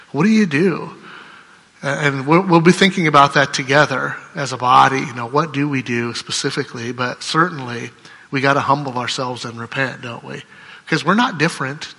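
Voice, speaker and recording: A man's voice: mid-range voice, sharp tone, breathy edge. A man preaching a sermon as pastor, speaking conversationally and often checking in with "right?". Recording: long hall reverb.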